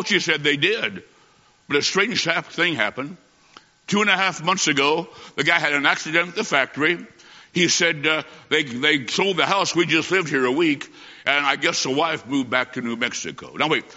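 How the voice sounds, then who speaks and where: A man preaching an evangelistic sermon, telling stories in a folksy, emphatic way, pushing and slowing his words for stress. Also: fairly high pitch, sharp tone. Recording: dull echoey hall recording.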